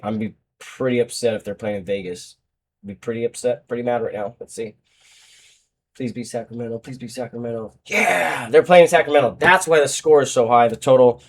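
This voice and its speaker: A man hosting his own show, casually talking through sports betting picks, rambling and correcting himself, with sudden loud outbursts between mumbles. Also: medium pitch, fast talker.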